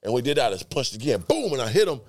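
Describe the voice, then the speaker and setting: Podcast guest, male, rapid storyteller, dry close sound, full of sound effects. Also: medium pitch, big pitch swings, dry recording. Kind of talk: casual storytelling.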